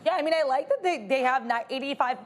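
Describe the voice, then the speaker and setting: A woman analyst breaking down an earnings report quickly and confidently. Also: sits high. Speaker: market analyst.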